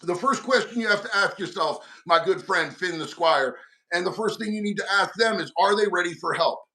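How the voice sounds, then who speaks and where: A middle-aged man with a fairly high voice hosts a laid-back livestream, reading viewer comments and answering in slang. He keeps calling people homie and dog. He sits back from a mic set some way off. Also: animated, fairly quick, bright, forceful tone. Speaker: livestream host. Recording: mic set far from the speaker.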